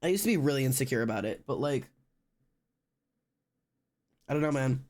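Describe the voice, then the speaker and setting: A man's voice: medium pitch, lively intonation, moderate pace, a little mellow. A young man streaming live, chatting casually and rambling with lots of fillers and restarts. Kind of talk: casual chat with stream viewers. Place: indoors at home.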